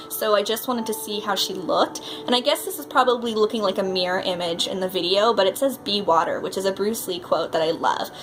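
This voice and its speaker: A woman's voice: mid-range voice, fairly bright tone, slight background noise. A chatty, bubbly woman, talking casually to the camera in a vlog. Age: 30s. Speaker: professional mermaid vlogger.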